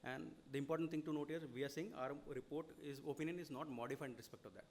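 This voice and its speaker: A man with an Indian English accent lectures on audit reporting at a seminar, his voice a little high with a slight hiss or hum. He explains at length rapidly, often saying "you know" and checking in with "okay?".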